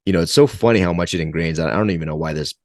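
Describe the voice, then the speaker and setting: A man's voice: sits low, very fast, a little mellow, dry recording, clean studio sound. A man in his forties, a guest in an interview, telling stories in a rambling way with many restarts. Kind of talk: conversational interview storytelling.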